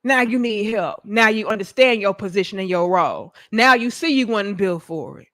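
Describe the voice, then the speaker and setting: A young adult woman, delivering a profane, animated commentary rant and acting out mocking voices. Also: medium pitch, normal speed. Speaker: commentary host. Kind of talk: ranting commentary monologue.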